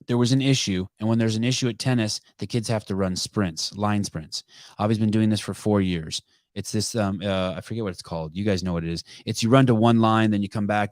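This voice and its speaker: Low-voiced man rambling through a story. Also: no room sound, studio quality. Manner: rambling storytelling with self-corrections and asides. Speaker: podcast host. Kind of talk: casual live call-in chat.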